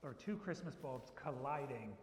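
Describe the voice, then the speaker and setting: A man's voice: mid-range voice, animated, normal speed. Chatty man telling stories in an echoey hall. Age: adult who was a child in the 1980s. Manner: chatty and anecdotal, acts out quoted dialogue. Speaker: photographer giving a club presentation. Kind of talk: casual storytelling talk. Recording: echoey hall recording from a room mic.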